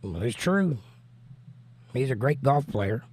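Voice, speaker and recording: A man with a Southern US accent and a hoarse voice, hosting a livestream and reading chat comments aloud in an easygoing, drawling way. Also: medium pitch, lively intonation, slow pace, darkish tone. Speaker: livestream host.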